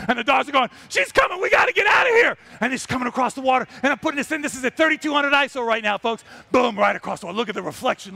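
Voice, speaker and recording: A male wildlife photographer tells stories on a trade-show stage in an animated live talk, exclaiming dramatically. His voice is extremely high-pitched and gravelly.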